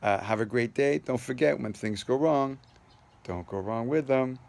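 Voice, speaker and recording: A man's voice: medium pitch, moderate pace, vocal fry, darkish tone. A man casually telling a personal story to the camera in a loose, rambling way, full of fillers and restarts. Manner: earnest, upbeat sign-off. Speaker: vlogger sharing a personal story.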